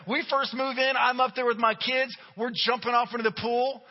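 A middle-aged man, a pastor, delivering a sermon with humorous, animated storytelling. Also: extremely high pitch, fairly quick. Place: church sanctuary. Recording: dull recording with long hall reverb.

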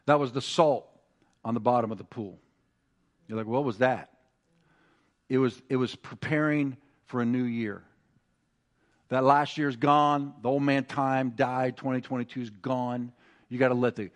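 A male pastor preaching a sermon, moving from quiet, conversational asides to rising, emphatic exhortation, with frequent restarts. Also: medium pitch, steady tone, normal speed.

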